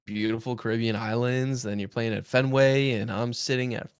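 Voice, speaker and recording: A man's voice: mid-range voice, fairly even intonation, normal speed, smooth. A young man co-hosting a casual podcast, trading laid-back jokes and banter. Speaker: podcast co-host.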